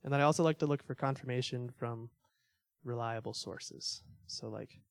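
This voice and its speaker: A young man gives a relaxed church talk, loose and chatty, with fillers and small laughs scattered through. His voice sits at an ordinary middle pitch. The sound is close and dry, with no room around it. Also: normal speed, vocal fry, dry recording. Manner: conversational, filler-heavy, self-deprecating laughs. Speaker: church teacher. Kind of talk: casual teaching talk.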